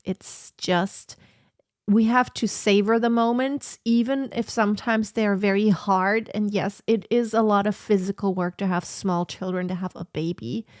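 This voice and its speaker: A woman's voice: medium pitch, a little mellow, no room sound, studio quality. A woman in her thirties chatting casually and reflectively on a sit-down livestream from her home office, with lots of fillers. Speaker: vlogger.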